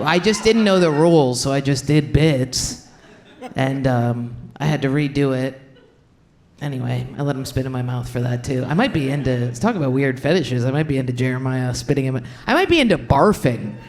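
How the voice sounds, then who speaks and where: A woman's voice: rumbling low, moderate pace, darkish tone. Blunt, crude woman comic, sick and tired. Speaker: stand-up comedian. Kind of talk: improvised stand-up and crowd work. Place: comedy festival stage.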